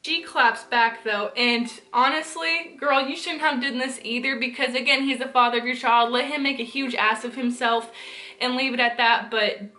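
A woman's voice: high-pitched, steady tone, normal speed, pushed and bright. A young woman giving her opinions in a casual commentary vlog, chatty and full of fillers. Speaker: vlogger.

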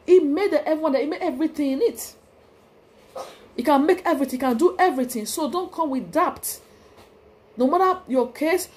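A woman's voice: on the high side, darkish tone. Emphatic Nigerian woman preaching. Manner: emphatic, exhorting, repeats phrases. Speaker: preacher, channel host. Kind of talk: devotional preaching.

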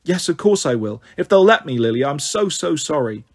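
A man voicing a kind male schoolteacher who talks gently and apologetically in a storybook reading. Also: a little high, very animated, a little fast. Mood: apologetic.

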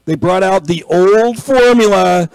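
Man, pastor, conversational sermon, storytelling, acts out voices, slightly high voice, dry close sound. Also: unhurried, gravelly, a little mellow, clean tone, no room sound, rough recording. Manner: storytelling, acting out quoted people, rising to emphatic exhortation.

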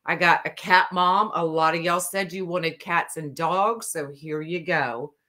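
A woman hosting a live stream to sell custom cups, talking casually and slowly with lots of ums. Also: on the low side, fairly even intonation, sharp tone. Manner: slow, drawling, many ums. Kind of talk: casual live sales chat.

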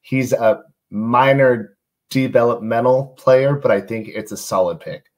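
A man's voice: medium pitch, a little slow, darkish tone. A man talking as a guest on a casual sports podcast, laid-back and loose, with frequent fillers. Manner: laid-back, many fillers and restarts, jokes about his announcer voice.

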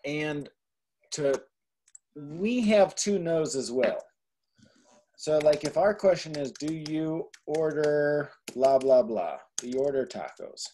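A man's voice: a little high, animated, slow, dark tone, a little hiss or hum. A man tutoring a Spanish class, explaining grammar patiently in a casual way. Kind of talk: online tutoring session.

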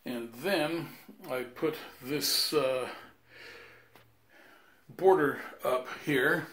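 Slow, unhurried man explaining tile work. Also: medium pitch, a bit bright. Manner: plain step-by-step explaining, frequent "uh" and "um". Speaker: tile installer. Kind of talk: casual how-to walkthrough. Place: bathroom under renovation, indoors.

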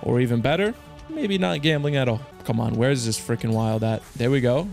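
A man hosting his own channel, commenting excitedly to viewers with slang, swearing and loud outbursts. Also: medium pitch, fairly quick, creaky, soft background music. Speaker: slots streamer host.

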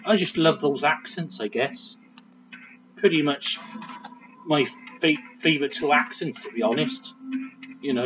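A man's voice: a little high, a little slow, pauses often. A man giving casual, jokey commentary while playing a video game, muttering to himself. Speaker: let's play commentator. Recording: dull lo-fi audio over game music. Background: game music.

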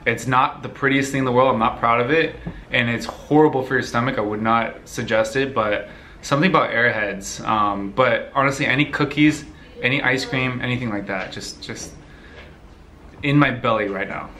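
A young man chats through viewer questions in a loose, rambling way, laughing easily as he goes. His voice sounds bright and lively. A faint background hum sits behind him. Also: medium pitch, moderate pace. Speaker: vlogger answering viewer questions. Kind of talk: casual Q&A chat.

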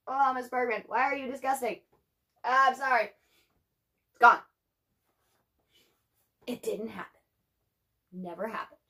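A young teacher reading a chapter book aloud to her class, her high voice rising and falling with lively expression. She breaks off now and then for chatty, playful asides to her students.

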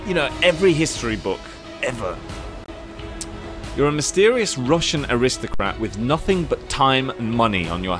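A man streaming a video game, chatting casually, reading its text aloud, swearing and yelping with excitement. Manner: excitable, swears and laughs, jumps into high yelps. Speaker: livestreaming gamer. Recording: game music playing under the voice. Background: game music.

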